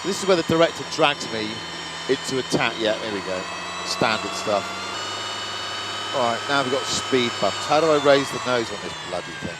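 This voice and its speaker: A man's voice: mid-range voice, animated, moderate pace. A man giving a chatty, self-mocking running commentary while driving, as a car reviewer host. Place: inside a car and on a town street. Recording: loud car and traffic noise behind.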